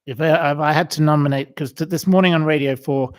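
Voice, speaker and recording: A man's voice: fairly high pitch, fairly even intonation, fast talker, no room sound. A man from England hosting a casual livestream, chatting in a digressive way with many ums and restarts. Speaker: livestream host. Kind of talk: rambling casual livestream chat.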